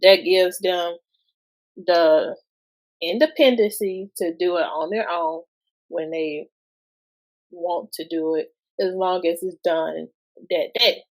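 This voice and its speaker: A woman's voice: lowish voice, steady tone. A woman, guest-hosting a podcast and talking casually about parenting, asking lots of rhetorical questions. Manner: slow, conversational, asks many rhetorical questions.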